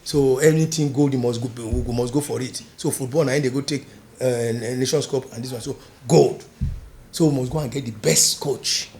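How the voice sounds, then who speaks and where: An older Nigerian man in an interview, telling a long story in a mix of pidgin and English, dropping to a low murmur and then rising loud and emphatic. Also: fairly even intonation, normal speed. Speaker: interview guest.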